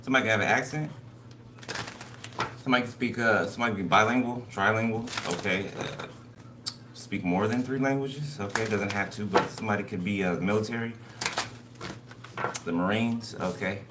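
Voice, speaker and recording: A man's voice: fairly low pitch, fairly quick, long pauses. A man giving a casual spoken tarot reading, loose and conversational, who keeps checking in with his listeners. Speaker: tarot card reader. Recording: noisy recording.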